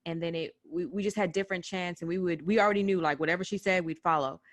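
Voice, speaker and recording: Woman with a low, dry voice, storytelling. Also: quick pace, no echo. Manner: animated retelling with quoted voices. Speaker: podcast guest recounting a protest. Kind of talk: personal storytelling in casual chat.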